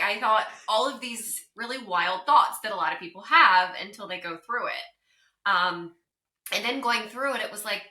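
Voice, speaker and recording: Bright-voiced woman with mild Southern twang. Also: medium pitch, reverberant. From North Carolina. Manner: upbeat, chatty, laughs often. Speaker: podcast guest, divorce recovery coach. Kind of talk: casual interview chat.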